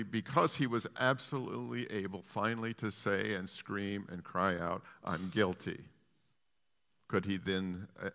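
Gravelly impassioned male preacher. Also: on the low side, long reverb tail. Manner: impassioned, swings from hushed to loud emphatic peaks; repetitive, restarting phrases. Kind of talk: sermon.

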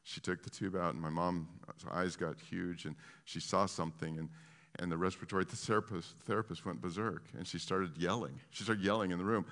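Bright-voiced preacher man in a reverberant hall. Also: low voice, a little fast. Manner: animated storytelling with many restarts. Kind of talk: sermon. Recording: long reverb of a large hall.

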